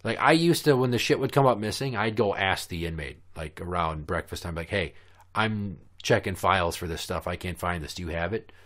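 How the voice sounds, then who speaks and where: A man's voice: sits low, fairly quick, a bit bright. A man hosting a casual podcast, telling stories in a blunt, sarcastic, profane rant. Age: adult with kids. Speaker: podcast host. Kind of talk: casual ranting podcast chat. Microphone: podcast microphone.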